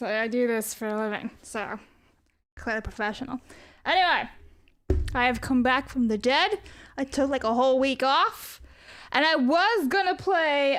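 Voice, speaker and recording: High-voiced, chatty woman streamer. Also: fairly bright tone, clean tone. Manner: rambling and profane, reads chat aloud. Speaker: livestreamer. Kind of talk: casual live stream chat.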